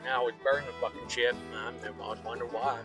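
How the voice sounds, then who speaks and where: A man's voice: mid-range voice, steady tone, fast talker, over music, pitched below the performer's own voice, close to an everyday voice, low-quality recording. A man voicing a crude, chatty Kansas hillbilly who rambles and swears in a folksy drawl while driving his car. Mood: rambling.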